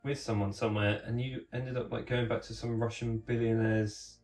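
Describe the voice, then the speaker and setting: A man's voice: medium pitch, little pitch movement, normal speed, a little mellow. A man co-hosting a podcast, chatting casually and cutting in with dry, swearing remarks. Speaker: podcast co-host. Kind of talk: casual chat. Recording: echoey room, distant mic, faint music.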